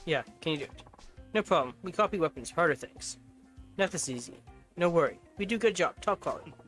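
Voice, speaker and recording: A man doing a video game forger who talks in short, clipped, broken English, eager to please. His voice sits a touch high, with faint game music underneath. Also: animated, fairly quick, fairly bright tone. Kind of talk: reading game subtitles aloud in voices.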